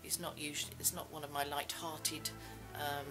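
A woman's voice: deep voice, level tone, moderate pace, over loud music, rough recording. A middle-aged woman vlogging in a rambling, self-mocking way, full of fillers. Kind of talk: casual chat.

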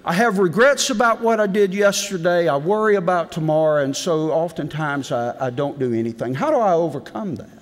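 A middle-aged man preaching a devotion in a folksy storytelling manner, swinging between loud and hushed delivery. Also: on the high side, expressive, fairly quick, hardly any pauses. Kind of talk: sermon. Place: large legislative chamber. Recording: long reverb in a big hall.

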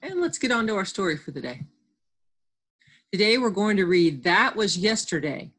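A woman's voice: medium pitch, big pitch swings, normal speed, a bit bright, breathy edge. A woman teacher leading a reading lesson for children over a computer microphone, patient and explanatory.

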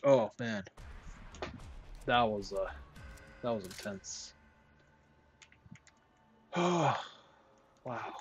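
A young man giving jokey, excitable gameplay commentary, talking to himself, his voice starting to go hoarse. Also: on the low side, takes it slowly, pauses often, faint music behind. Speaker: gaming commentator.

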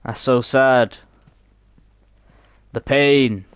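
A man's voice: medium pitch, fairly even intonation, drawn-out words, clean tone, no room sound. A man giving joking, mock-dramatic let's play commentary. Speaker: gaming YouTuber.

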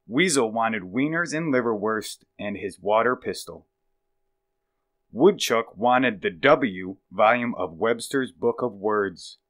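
Man reading a children's story aloud. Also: lowish voice. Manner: lively, rises sharply for worried lines. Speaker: reader.

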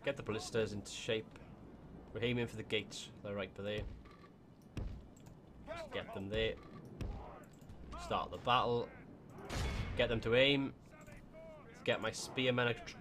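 A man's voice: lowish voice, a bit bright, a little hiss or hum. Casual Welsh man, gameplay commentary. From Wales. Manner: casual, thinking aloud. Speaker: gaming YouTuber.

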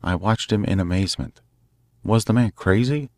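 A man narrating a classic story in a measured, dramatic way. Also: fairly low pitch, creaky, dry recording. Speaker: audiobook narrator. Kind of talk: scripted narration.

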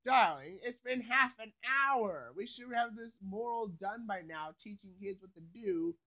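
A man voicing a prim, theatrical female cartoon pony with a drawn-out, affected delivery. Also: high-pitched, animated, pushed and bright, heavily acted. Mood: impatient.

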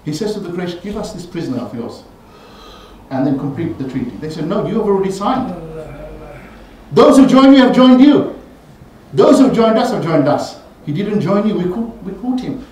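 A man giving a Friday sermon in a mosque, telling stories animatedly and rising in pitch and force when he quotes people. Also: animated, moderate pace, a little mellow, a little hiss or hum. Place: mosque prayer hall. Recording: very echoey hall, voice from far off.

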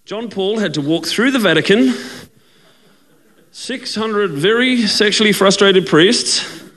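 A male stand-up comedian who chats and teases, checking in with the crowd with short questions. His voice sits fairly high for a man and moves about freely in pitch. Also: animated, slow, a bit bright. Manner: chatty, teasing, asks the crowd for agreement.

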